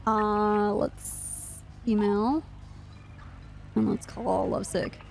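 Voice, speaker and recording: A woman streamer voices a police officer in an online role-play, talking casually and laughing easily. Now and then she drops into a flat, sing-song robotic delivery. Her pitch sits in the middle, and faint music runs underneath. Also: very slow, gravelly. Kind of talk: in-character role-play chat.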